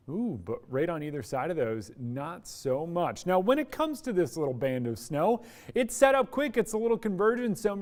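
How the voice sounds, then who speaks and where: A man's voice: high-pitched, darkish tone. A man presenting a live TV weather forecast in an upbeat, chatty way, explaining weather with everyday comparisons. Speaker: TV meteorologist.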